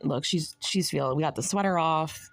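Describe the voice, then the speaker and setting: A woman's voice: deep voice, moderate pace, creaky. A woman hosting a reaction channel, talking bluntly and mockingly in casual commentary, swearing freely.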